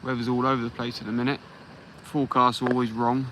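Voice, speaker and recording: Bright-voiced English angler chatting live. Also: male voice, medium pitch, little pitch movement, fast talker, a little hiss or hum, rough recording. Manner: easygoing, greets viewers by name. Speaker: fishing livestream host. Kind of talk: casual live chat while fishing. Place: beach outdoors at night.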